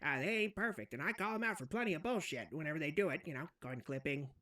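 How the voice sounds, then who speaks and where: A man with a high, sharp, bright voice trades crude jokes in a satirical comedy role-play. He sounds set back from the microphone. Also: expressive, quick pace, distant mic. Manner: crude, joking, laughing through lines.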